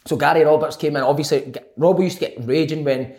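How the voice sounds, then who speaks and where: A man, a former footballer telling animated stories in casual chat, laughing often and acting out quotes. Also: fairly high pitch, fast talker. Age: 20s at the time, now older.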